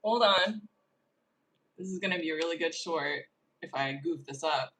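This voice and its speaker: A woman chatting to the camera as a baking vlogger, excitable, gasping and giggling as she plates cake. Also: deep voice, brisk, recorded from a distance, poor audio. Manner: talks to the camera while plating cake. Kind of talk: casual vlog chat.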